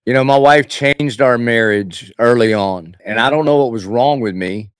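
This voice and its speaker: A man who is a pastor, chatting as a guest and telling stories with animated quoted voices. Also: mid-range voice, normal speed, clear, resonant tone, no room sound, studio quality. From Jacksonville, Florida. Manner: storytelling, acts out quoted voices. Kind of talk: casual chat.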